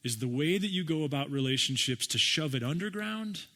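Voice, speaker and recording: A man's voice: on the high side, lively intonation, fairly quick, pushed and bright. A man preaching a sermon as pastor, in a conversational way, often asking his listeners rhetorical questions.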